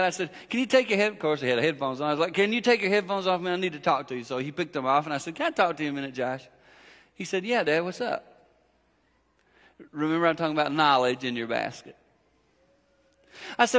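A middle-aged man preaching a storytelling sermon in a church, animated and acting out family dialogue. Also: on the high side, quick pace. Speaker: guest preacher. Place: church sanctuary. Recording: long echo of a church hall.

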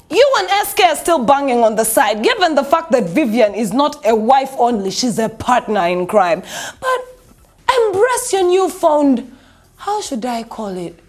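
Sassy high-voiced Ugandan woman. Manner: sassy, mocking, laughing often. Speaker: host of a celebrity gossip show. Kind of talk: gossip commentary.

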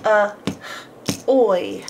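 A woman teaching a homeschool phonics lesson, sounding out each word slowly and repeating every sound, with encouraging praise. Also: medium pitch, sing-song, noisy background. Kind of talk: slow, drawn-out phonics lesson.

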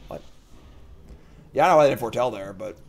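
A man with an ordinary mid-range voice hosts a card game stream, talking through his plays in loose live commentary. He thinks out loud, mutters through choices, and jokes with the chat as he goes. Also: medium pitch, lively intonation, fast talker, creaky. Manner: thinking out loud, casual and chatty; jokey, reads chat comments aloud.

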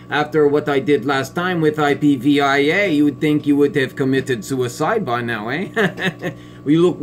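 A man playing a smug, biased female family court judge in a satirical sketch, talking in a pompous, condescending way with drawn-out sneering pauses. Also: on the high side, a little hiss or hum. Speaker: comedic sketch performer.

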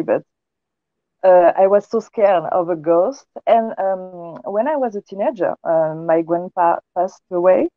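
French lady guest, lowish voice, hesitant with lots of ums, tinny phone-like line. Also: a little slow, no echo. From France. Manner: hesitant, many fillers. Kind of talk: casual interview. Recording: tinny phone-like call audio.

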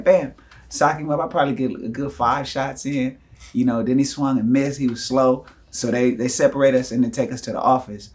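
A young man, telling lively stories to the camera and acting out voices and punches. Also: mid-range voice. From United States. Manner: animated, acts out quotes and punches with sound effects. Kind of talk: casual storytelling.

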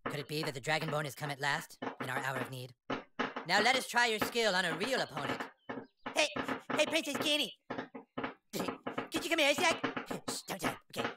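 A man's voice: high-pitched, big pitch swings, fairly quick, long pauses, heavy background noise. A man voicing a bossy, pompous boy who plays a grand wizard, with a crude and commanding manner, in video game voice acting. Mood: dramatic. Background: game music.

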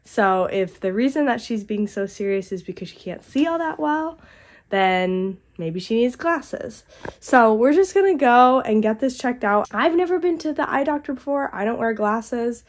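A young woman with a stuffy head cold, chatting casually to her vlog audience from a quiet house and rambling as she thinks aloud. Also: a little high, lively intonation, moderate pace. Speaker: vlogger and mother. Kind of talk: casual vlog talk to camera.

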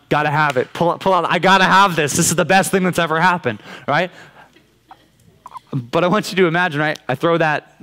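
A man's voice: medium pitch, fairly bright tone, smooth. A young man with a Californian accent preaching a casual sermon to a youth group, conversational and often checking in with "right?". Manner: conversational, keeps asking "right?". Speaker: youth pastor. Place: church youth room.

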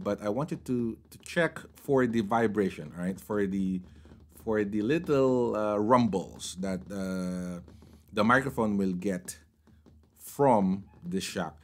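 A man casually reviewing microphones at his desk, chatty and mixing in phrases as he talks at varying distances from the mics. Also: on the low side. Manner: chatty, code-switching between English and Filipino phrases. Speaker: tech reviewer. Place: home desk setup. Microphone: condenser mics on desk at varying distance.

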